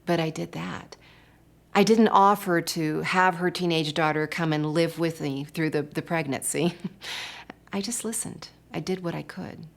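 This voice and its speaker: A woman's voice: deep voice, steady tone, a little slow, creaky. An older woman giving a devotional talk, telling personal stories in a reflective way. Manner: personal storytelling, warm and reflective. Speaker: speaker.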